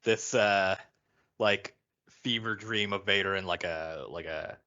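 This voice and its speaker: A man co-hosting a podcast, talking loosely and haltingly with many fillers. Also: sits low, sharp tone. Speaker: podcast co-host. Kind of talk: casual riffing chat. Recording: dull lo-fi sound.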